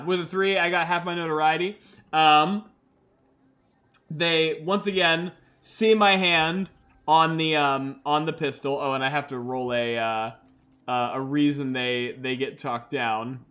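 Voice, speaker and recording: A man's voice: a little high, pushed and bright. A man hosting and narrating a solo tabletop role-playing game in a loose, chatty way, full of fillers, who laughs at his own dice rolls. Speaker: game master and host.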